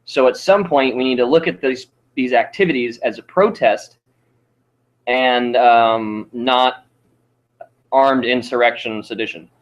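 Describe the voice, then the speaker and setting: A man co-hosting a casual political debate podcast, talking in a measured way, rephrasing and summarizing, with some casual swearing. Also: medium pitch, highs cut off. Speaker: podcast co-host.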